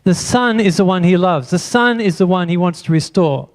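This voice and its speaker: High-voiced pastor, questioning. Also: male voice, moderate pace. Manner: asks the congregation many rhetorical questions. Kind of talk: sermon. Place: church.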